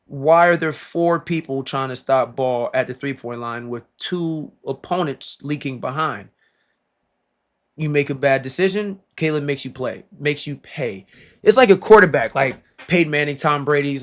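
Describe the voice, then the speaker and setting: A man casually breaking down basketball footage, excitable and slangy, often repeating himself and laughing. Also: fairly high pitch. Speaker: basketball reaction creator.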